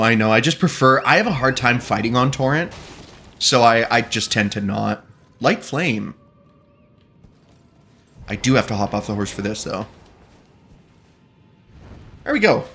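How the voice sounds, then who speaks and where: A man's voice: medium pitch, lively intonation, normal speed, pauses often, fairly bright tone, faint music behind. A man streaming a video game, chatting casually and joking with his viewers, often breaking into laughter. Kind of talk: casual gaming commentary.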